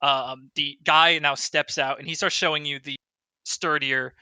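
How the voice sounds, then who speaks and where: Bright-voiced male game master. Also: fairly high pitch, fairly even intonation, measured pace, smooth, dry recording. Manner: descriptive, laughs easily. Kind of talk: narrating a tabletop game. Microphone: video call.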